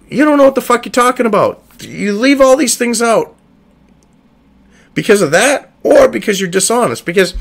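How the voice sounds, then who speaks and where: A man's voice: high voice, vocal fry, a bit bright. A man giving heated, profane commentary from his computer desk, exasperated and cursing freely. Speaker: online political commentator. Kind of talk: ranting commentary.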